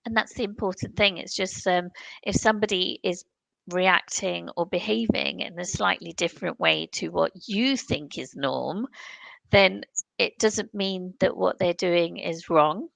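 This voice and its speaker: A woman hosting an interview, agreeing warmly and building reflectively on her guest's points. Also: lowish voice, unhurried, gravelly, no echo, poor audio. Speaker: interview host. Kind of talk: conversational interview.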